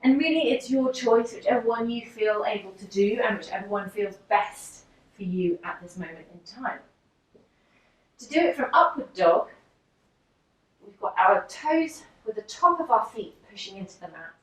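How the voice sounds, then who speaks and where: Calm woman teaching yoga in echoey room. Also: medium pitch, normal speed. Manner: calm, step-by-step demonstrating while moving. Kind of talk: instructional walkthrough. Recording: very echoey room, distant mic.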